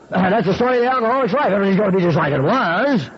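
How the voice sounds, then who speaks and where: A man in his sixties telling his recovery story with wry, folksy humor, often clearing his throat. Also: high voice, lively intonation, quick pace, muffled recording.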